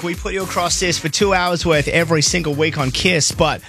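A man hosting a radio music show, chatty and enthusiastic, his voice hoarse and croaky from a cold. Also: a little high, steady tone, fairly quick, fairly bright tone. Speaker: radio host. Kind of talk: upbeat radio presenting.

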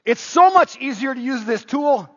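A man preaching a sermon, telling a story in a chatty way with restarts, and rising loud on points of emphasis. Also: extremely high pitch, animated, normal speed. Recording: dull echoey hall.

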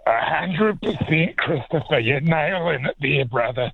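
A man's voice: a little high, expressive, a little slow, vocal fry, slightly rough, no room sound, exaggerated voice. A man voicing a crude old backcountry farmer with a New Zealand accent, calling into a comedy radio show, blokey and drawling, tagging everything with mate and eh. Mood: enthusiastic. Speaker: rural expert caller. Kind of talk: comedic character bit. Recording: tinny phone line.

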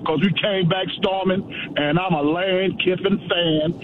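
A man's voice: fairly even intonation, a little slow. A man calling in to a radio show, talking loosely and animatedly with plenty of slang. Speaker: caller. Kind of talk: casual call-in chat. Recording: muffled phone line with road rumble.

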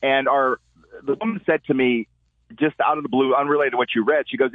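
A man, a columnist guest, telling stories in an animated way and acting out the quotes he tells. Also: medium pitch, fairly quick, no echo. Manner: animated storyteller, acts out quotes. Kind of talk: call-in commentary. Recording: tinny phone line.

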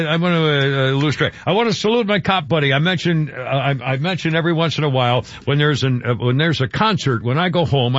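A man's voice: medium pitch, fairly bright tone, dry recording. A man hosting a radio talk show in a casual, rambling way, often stumbling over his words. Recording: dull, dry radio studio sound.

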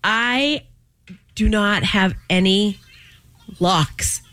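A middle-aged woman co-hosting a morning radio show, telling stories in a chatty, animated way with many restarts. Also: mid-range voice, very slow, clean tone, dry recording. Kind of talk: casual chat.

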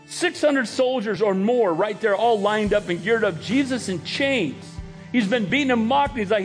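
High-pitched, emphatic male pastor preaching. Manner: emphatic, dramatic retelling with rising pitch on quotes. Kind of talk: sermon.

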